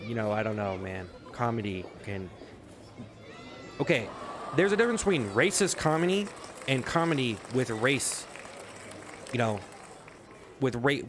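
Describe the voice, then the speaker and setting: A man's voice: medium pitch, a bit bright, a little hiss or hum. A man ranting in a sarcastic, rambling comedic monologue, swearing often, in a casual vlog. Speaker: vlogger.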